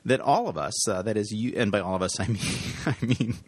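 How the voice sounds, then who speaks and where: A man's voice: fairly low pitch, brisk, darkish tone, husky, dry recording. A man hosting a podcast in casual chat, teasing and playful, rambling with fillers. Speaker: podcast host.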